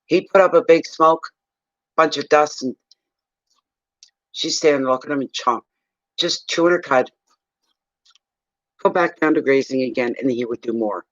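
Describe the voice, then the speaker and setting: A man's voice: medium pitch, normal speed, long pauses, no echo, dull audio. Chatty man from eastern Canada telling a story. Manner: animated, rambling, chuckling storyteller. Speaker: psychic reader telling a story. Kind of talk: casual storytelling on a livestream.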